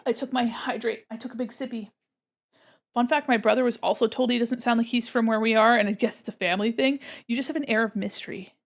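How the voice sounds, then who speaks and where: A woman's voice: on the high side, fairly even intonation, fast, creaky. An American woman streamer and illustrator, chatting casually and bubbly with her viewers while she draws. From United States. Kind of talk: casual live-stream chat while drawing.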